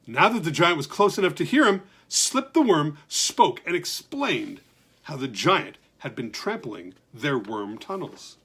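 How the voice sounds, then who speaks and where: A man reading a children's story aloud with lively, expressive narration. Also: fairly high pitch, slow, breathy edge.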